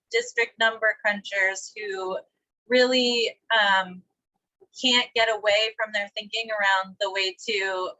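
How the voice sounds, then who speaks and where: A woman from the audience asking a speaker a question, thoughtful and pausing to find her words. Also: medium pitch, bright, forceful tone, rough recording.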